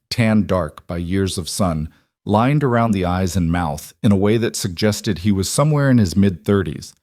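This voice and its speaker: A man narrating a western story in a measured, dramatic storytelling manner. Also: fairly low pitch, darkish tone, no echo, studio quality. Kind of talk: scripted narration.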